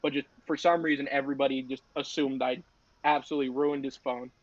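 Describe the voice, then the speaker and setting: A young man, a podcast host, telling a story in a casual, animated and profane way, often laughing. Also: mid-range voice, quick pace, no room sound. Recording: dry, slightly dull podcast audio.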